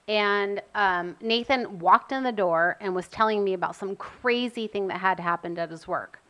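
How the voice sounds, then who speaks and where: A young woman recounts a story about her son in loose, casual conversation. Her voice is bright and forward, and she keeps dropping in "like" while acting out the dialogue. She sits at a middle pitch for a woman. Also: moderate pace. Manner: animated, acts out quotes, says "like" often. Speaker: mother of an autistic son.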